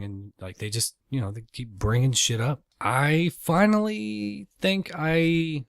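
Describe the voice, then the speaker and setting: A man's voice: a little high, slow, creaky, few pauses, dry recording, clean studio sound. A man hosting a casual solo podcast, rambling and swearing freely with self-deprecating asides. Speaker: podcast host.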